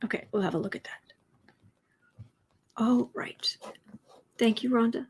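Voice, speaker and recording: A woman on the high side talks fast over a faint hiss or hum. She runs an astrology and tarot channel, chatting on a livestream, reading out viewer comments, and occasionally whispering softly or cooing to her pet.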